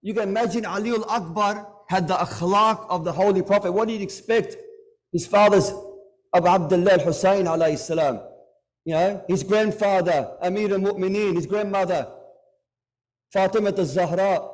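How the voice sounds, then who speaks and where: A man's voice: high voice, moderate pace. A man giving a Muharram majlis sermon, speaking conversationally and putting direct questions to the congregation. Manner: retells stories with acted dialogue. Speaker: religious lecturer.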